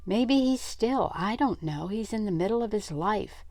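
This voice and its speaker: A woman's voice: medium pitch, expressive, moderate pace, darkish tone, no room sound, pitched above the performer's own voice, natural voice. A woman voicing an earnest, secretive boy who explains things urgently.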